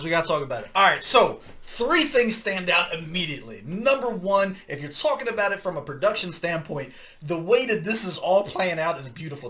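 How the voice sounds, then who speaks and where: A man hosts a casual music reaction, his voice high and bright. He talks in an animated, profane way, exclaiming and laughing between thoughts. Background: hip hop track playing.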